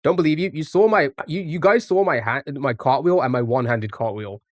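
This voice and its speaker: A man's voice: on the high side, brisk, no echo, studio quality. A man streaming live, chatting casually with his chat and swearing now and then while playing a word game. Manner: chatty, jokey, talks back to chat.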